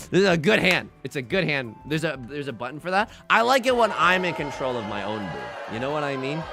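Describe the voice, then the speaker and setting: Excitable gravelly-voiced male streamer. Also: a little high, normal speed, soft background music. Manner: excitable, rambling, shouts when the game turns. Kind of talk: livestream commentary over a mahjong game.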